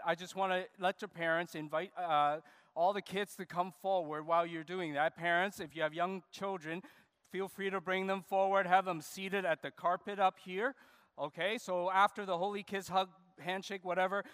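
Animated pastor man coaxing kids. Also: high voice, smooth. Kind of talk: children's sermon. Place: church sanctuary.

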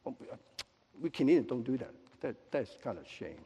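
A male pastor delivering a lively sermon with joking asides and quick apologies, in a church sanctuary. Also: mid-range voice, a little hiss or hum. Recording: long echo of a large hall.

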